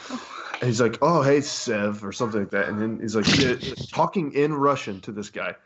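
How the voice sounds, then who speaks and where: A man's voice: lowish voice, animated, a little fast. A young man, the podcast co-host, telling a story in casual chat, laid-back and laughing often. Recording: dull lo-fi audio with faint noise.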